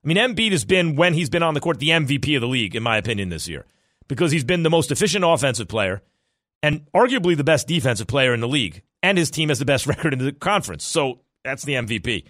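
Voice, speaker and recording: A man hosting a sports talk radio show, arguing his opinions in a fast, animated, self-correcting way. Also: medium pitch, no room sound, clean studio sound.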